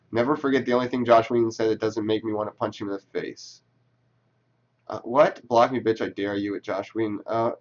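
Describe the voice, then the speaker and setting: In a lowish, gravelly voice with the highs cut off, a man reads tweets and responds to them directly, his commentary casual, sarcastic, and full of profanity.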